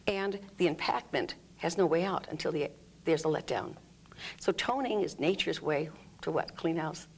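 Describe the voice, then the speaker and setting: A woman's voice: low-pitched, normal speed, husky. A woman explaining an energy healing technique in an interview, demonstrating groans, sighs and vocal sounds as she talks. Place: room under studio lights.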